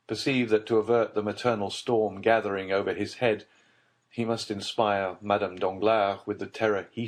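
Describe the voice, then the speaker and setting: A male audiobook narrator reading a classic novel in a measured, even storytelling manner. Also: lowish voice. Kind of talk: scripted literary narration.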